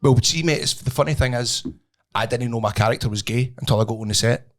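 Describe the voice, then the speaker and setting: A man's voice: medium pitch, fast. A Scottish man, a podcast co-host, chatting casually and telling stories. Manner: storytelling, laughing often. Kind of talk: casual chat.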